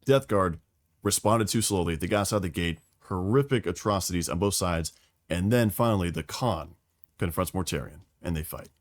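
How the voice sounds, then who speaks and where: A man talks through lore on a casual podcast, swearing freely and acting out quotes as he tells the story. His voice sits a little low. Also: moderate pace. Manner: profane, animated storytelling with acted quotes. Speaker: podcast host explaining lore.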